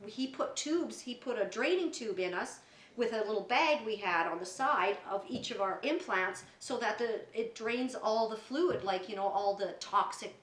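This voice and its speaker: Middle-aged woman vlogger, high and bright, animated storyteller, roomy echo. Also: moderate pace, far from the mic. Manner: animated, laughs often, acts out others' voices. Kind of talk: storytime chat. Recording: echoey room.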